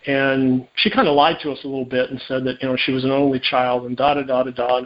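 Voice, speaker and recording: A man, a private investigator, telling a case story in an interview, lively and full of restarts, acting out dialogue. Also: medium pitch, fast. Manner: animated, acts out quoted dialogue, many restarts. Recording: dull lo-fi audio.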